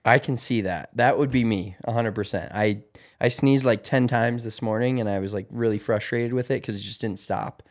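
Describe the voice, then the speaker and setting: A man's voice: mid-range voice, normal speed. A man chatting casually on a podcast, rambling with lots of fillers. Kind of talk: casual chat.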